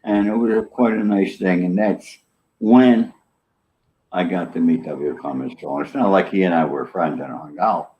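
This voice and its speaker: A man's voice: deep voice, normal speed, slight background noise. An older man, an interview guest, telling a story in casual chat and acting out the lines of the people in it. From New York. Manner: animated, acts out quoted dialogue. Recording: dull lo-fi audio.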